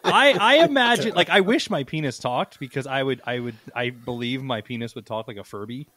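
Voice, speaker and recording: A man co-hosting a podcast, goofy and excitable, jumping quickly between ideas. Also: mid-range voice, no echo. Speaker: podcast co-host. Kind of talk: casual podcast chat.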